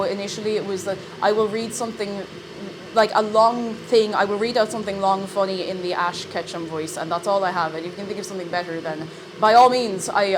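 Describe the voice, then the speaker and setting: Her voice is mid-range, with background noise and music playing behind it. The young livestreamer chats casually and reads her chat aloud in a bubbly, playful manner with sing-song asides, slightly breathless.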